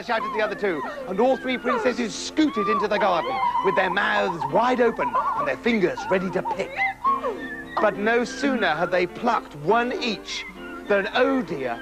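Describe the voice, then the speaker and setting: A man narrating a comic fairy tale in a playful, animated way with jokey asides. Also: sits high, moderate pace, loud music behind the voice, low-quality recording. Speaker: storyteller.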